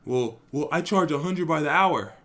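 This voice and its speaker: A man's voice: on the high side, lively intonation, normal speed, a bit bright. Smug, dismissive older seller, as a man quotes him. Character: condescending older man, a pushy computer seller.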